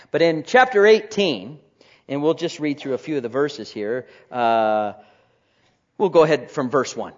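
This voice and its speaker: A man preaching a sermon, swinging between loud proclaiming and quiet asides. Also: medium pitch. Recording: dull lo-fi recording.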